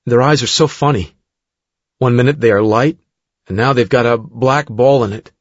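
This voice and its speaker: A man reading the halting first-person account of a woman recalling an abduction, in his own voice. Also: medium pitch, dry recording, lightly acted. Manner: halting, plain recounting. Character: adult woman recounting an abduction under hypnosis. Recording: dull dry studio recording.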